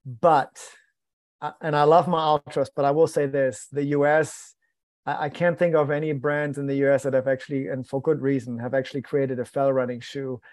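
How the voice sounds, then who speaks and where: Speaking at a medium pitch and normal pace, with no room sound, a male podcast guest tells a lively story in casual conversation, performing quoted dialogue and poking fun at himself.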